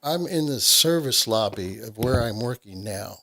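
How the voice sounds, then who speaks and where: A man's voice: mid-range voice, animated, normal speed, a bit bright. Middle-aged man telling radio stories. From Nashville. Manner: storytelling, acts out quoted voices. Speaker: radio host. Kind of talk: casual chat.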